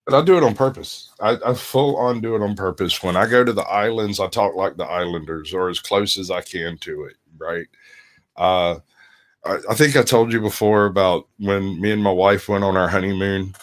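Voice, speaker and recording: A man in casual podcast chat, joking around and telling stories with frequent pauses and fillers. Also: low voice. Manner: jokey, storytelling, frequent uh fillers.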